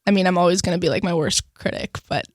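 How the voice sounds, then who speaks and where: A woman's voice: on the low side, quick pace, no echo, studio quality. A young woman, a singer guest, chatting casually in a radio interview, bubbly and full of "like". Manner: bubbly, lots of "like" and laughter.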